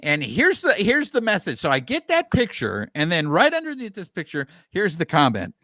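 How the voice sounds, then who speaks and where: A man co-hosting a podcast, explaining things at length in casual, animated chat with filler words. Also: high-pitched, normal speed, no echo. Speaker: podcast co-host.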